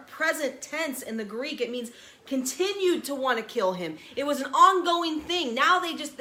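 A woman's voice: high-pitched, sharp tone. A woman teaching a verse-by-verse Bible study in an emphatic, conversational preaching manner, asking her listeners to picture the scene.

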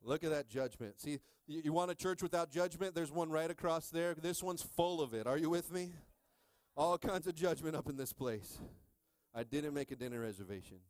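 A middle-aged man preaching with a fairly high voice that climbs into shouting. He keeps calling out to the congregation for response. The sound is dry and close. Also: moderate pace, dry recording. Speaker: pastor. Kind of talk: sermon.

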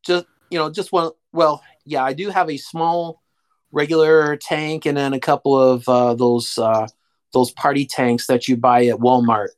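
A man's voice: mid-range voice, steady tone, measured pace, clear, resonant tone. Easygoing man, hesitant and polite. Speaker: podcast guest. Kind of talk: casual podcast chat.

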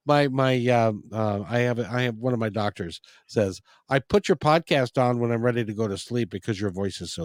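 Guy hosting a podcast, relaxed and teasing, voice goes up and down a lot, dry. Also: medium pitch, dry recording. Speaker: podcast host. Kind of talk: casual interview chat.

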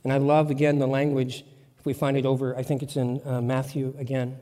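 A man's voice: mid-range voice, level tone, fairly quick, dark tone. A man preaching a sermon as pastor, in an emphatic, conversational way with lots of repetition. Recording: long church reverb.

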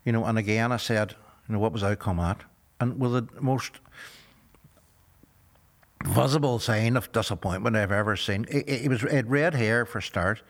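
A guest in his sixties with a Northern Irish accent and a low voice tells an interviewer his story. He speaks in a measured, earnest way, filling pauses with "you know."

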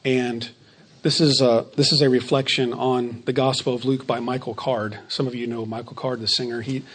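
A man preaching a sermon, stressing key phrases by slowing down and dropping to a quieter voice. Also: mid-range voice, flat delivery, husky. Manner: emphatic preaching, slows on key phrases and drops softer. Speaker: pastor.

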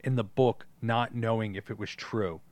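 A man's voice: on the low side, steady tone, moderate pace, a little mellow, no room sound. A man co-hosting a podcast, talking loosely about a movie and its book, swearing and joking. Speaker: podcast co-host. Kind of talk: casual movie discussion.

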